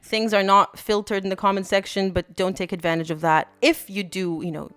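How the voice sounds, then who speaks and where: A woman's voice: medium pitch, fairly even intonation, fairly quick, fairly bright tone, clear, resonant tone. A woman co-hosting a podcast, chatting casually and emphatically. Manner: emphatic, agreeing. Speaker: podcast co-host. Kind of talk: casual opinion chat.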